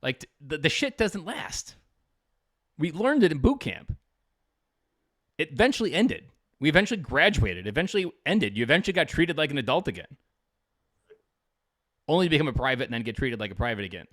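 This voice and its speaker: A man's voice: a little high, sing-song, brisk, pauses often, fairly bright tone, no echo, studio quality. A man in his thirties, a Marine veteran and podcast guest, giving blunt, profane, emphatic motivational talk.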